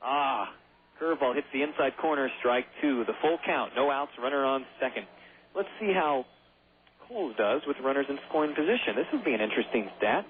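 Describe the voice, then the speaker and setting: A hoarse man calling baseball play-by-play on the radio, chatty and rambling, with self-deprecating asides. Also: mid-range voice, lively intonation, brisk. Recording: tinny phone-like radio broadcast.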